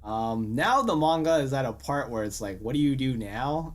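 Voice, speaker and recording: A man's voice: mid-range voice, animated, moderate pace. A man co-hosting a casual podcast, ranting animatedly with frequent swearing and exasperated outbursts. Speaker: podcast co-host. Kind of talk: casual chat.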